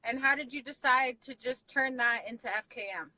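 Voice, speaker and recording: A woman's voice: sits high, fairly even intonation, fairly quick, sharp tone, dry recording, low-quality recording. A woman interviewing a rapper in a casual, chatty way, hesitant and full of fillers.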